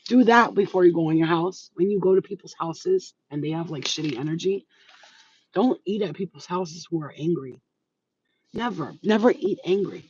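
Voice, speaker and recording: A woman's voice: on the low side, normal speed, darkish tone, slight background noise. A middle-aged woman talking straight to her viewers as a spiritual healer, giving blunt, profane, streetwise advice in a casual monologue. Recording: dull lo-fi sound.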